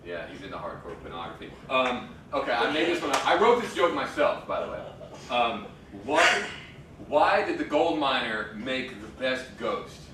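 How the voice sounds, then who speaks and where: A man's voice: mid-range voice, sing-song, moderate pace, noisy background. A man trading stage banter with puns, then performing a rhythmic spoken-word poem. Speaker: slam poet performer. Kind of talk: stage banter and slam poetry. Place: indoor stage at a live venue. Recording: echoey hall from far off.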